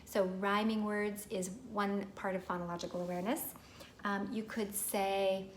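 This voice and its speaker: A young woman teacher talks parents through early reading with clear, patient explanations. Her pitch sits in a middle register, and she slows down to sound out words the way she would for a child. A faint hiss of background noise sits under her voice. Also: steady tone. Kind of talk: instructional video for parents.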